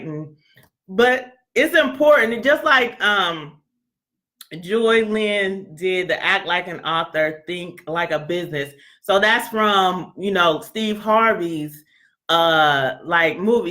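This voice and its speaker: Chatty, laughing woman host. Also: mid-range voice. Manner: chatty, joking, acts out quoted voices; laughs often, talks loud. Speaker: book club host. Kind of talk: casual chat presenting a website.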